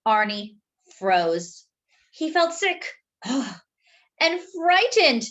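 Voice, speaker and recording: A woman reading a children's picture book aloud in an expressive, animated way, with asides to her listeners. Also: high voice, drawn-out words, long pauses. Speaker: storyteller. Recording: dull lo-fi sound.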